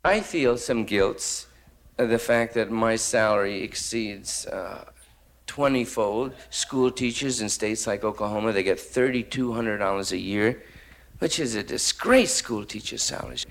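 A man's voice: lowish voice, unhurried, creaky. A young man doing a rambling, slangy stand-up monologue on stage. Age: young adult. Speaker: stand-up comedian.

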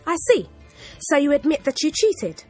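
A woman voicing a strict female headmistress who speaks in a stern, sharp, loud way. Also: high voice, very animated, normal speed, soft background music, voice pushed up.

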